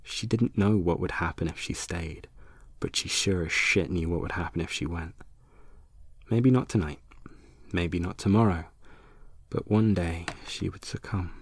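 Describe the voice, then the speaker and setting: A man reads a dark erotic story in a deep, gravelly, unhurried voice that slips into hushed near-whispers. The close mic gives a dry, dead sound with a husky edge. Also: no room sound. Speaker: narrator. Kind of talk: erotic horror audiobook narration.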